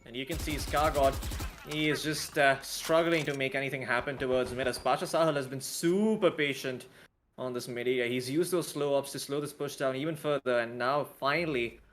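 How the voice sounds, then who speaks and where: A man's voice: mid-range voice, a little fast, fairly bright tone, a little hiss or hum. A man giving color commentary on an esports match, joking and explaining plays with self-deprecating asides. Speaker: esports caster.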